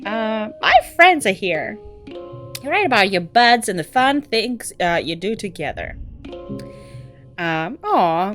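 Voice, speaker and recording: Excitable young woman streamer. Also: medium pitch, slow pace, soft background music. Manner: excitable, laughs often, swears. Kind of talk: casual gameplay chat.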